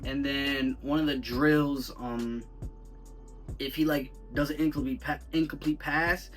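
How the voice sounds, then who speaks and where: Bright-voiced young man ranting about a movie. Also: mid-range voice, measured pace, distant mic, soft background music. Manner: rambling, slang-heavy, animated and incredulous. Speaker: movie reviewer. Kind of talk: casual movie review rant.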